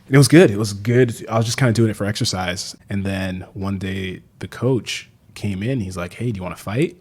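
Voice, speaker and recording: A young man telling stories in a casual podcast chat, animated and swearing freely, laughing often. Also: lowish voice, moderate pace, slightly rough. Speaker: podcast guest, fiction writer. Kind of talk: casual conversation.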